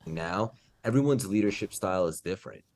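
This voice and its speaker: A man's voice: sits low, expressive, brisk, darkish tone. A man hosting a podcast interview, upbeat and affirming toward his guest. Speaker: podcast host.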